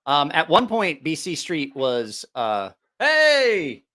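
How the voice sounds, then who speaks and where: A man's voice: fairly high pitch, animated, unhurried, a bit bright. A middle-aged man hosting a live stream, telling a rambling, profane story with lots of laughter. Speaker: livestream host.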